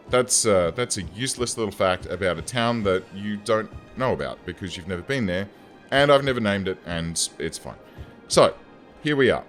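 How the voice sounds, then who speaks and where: Deep-voiced man chatting over gameplay. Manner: rambling, self-deprecating, chatty asides. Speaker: gaming YouTuber. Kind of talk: casual gameplay commentary.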